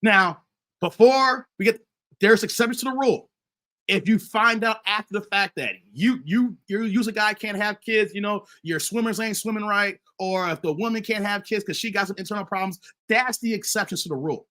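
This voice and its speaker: A man's voice: high voice, normal speed, sharp tone. A middle-aged man hosting a casual commentary stream. He talks to his viewers as "guys" and "fellas" and repeats and restarts himself often. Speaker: commentary channel host.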